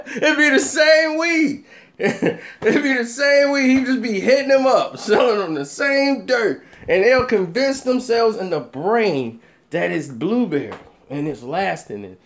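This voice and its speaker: A man's voice: high-pitched, lively intonation, a little slow, fairly bright tone. A man telling a casual story, laughing often and acting out the people he quotes.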